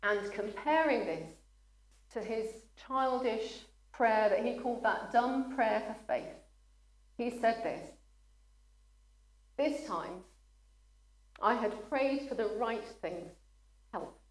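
Earnest woman preaching in an echoey room. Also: fairly high pitch. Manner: earnest, gets emotional and pauses to apologize. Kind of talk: sermon.

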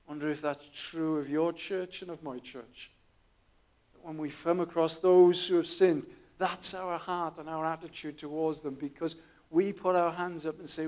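A man's voice: fairly high pitch, fairly even intonation, moderate pace. Earnest storytelling male preacher. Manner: storytelling, quiet and earnest, with small restarts. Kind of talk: sermon.

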